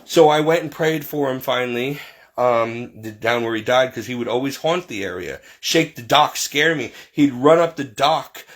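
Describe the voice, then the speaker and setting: A man telling personal stories in a casual, rambling way, acting out other people's lines with lively quotes. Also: mid-range voice, moderate pace. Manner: rambling, animated quoting of others. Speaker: storyteller recounting paranormal childhood. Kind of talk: casual storytelling.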